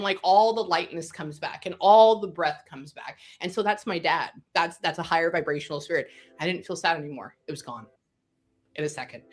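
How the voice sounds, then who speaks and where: A middle-aged woman with a somewhat low voice talks as a psychic medium guest in a relaxed interview. She tells her stories with animation, jumps between excited bursts and quiet asides, and laughs or swears freely when worked up. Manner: animated storyteller, swings between excited and hushed. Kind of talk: casual conversational interview.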